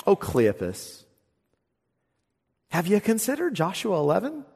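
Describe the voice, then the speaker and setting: Animated preaching man in a reverberant hall. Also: a little high, unhurried. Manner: animated preaching, swings from hushed to emphatic. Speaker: pastor. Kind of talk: sermon.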